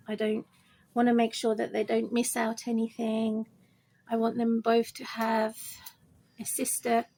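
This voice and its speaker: Woman rambling slowly about her bird, husky raspy voice, pitched a bit high, keeps chatting to the bird. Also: warm tone. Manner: rambling, repetitive, talks to her bird in a high sing-song. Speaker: pet owner vlogger.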